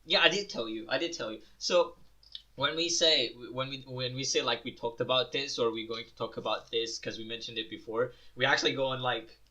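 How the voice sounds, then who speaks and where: A young man co-hosting a casual podcast, laughing often, swearing and telling stories in loud put-on voices. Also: medium pitch, brisk. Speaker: podcast co-host. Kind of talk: casual chat. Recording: dull lo-fi sound.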